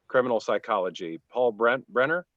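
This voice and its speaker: A man's voice: medium pitch, fairly quick, no echo. A man who is an actor and audiobook narrator, co-hosting a podcast in a self-deprecating, chuckling way. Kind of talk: casual podcast chat. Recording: dull dry sound.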